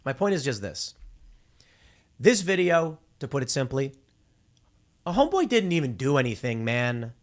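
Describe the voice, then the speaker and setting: A man's voice: mid-range voice, big pitch swings, normal speed, long pauses. A male host in his thirties giving casual opinion commentary, rambling and restarting with repeated words. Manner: acts out quoted people in exaggerated voices.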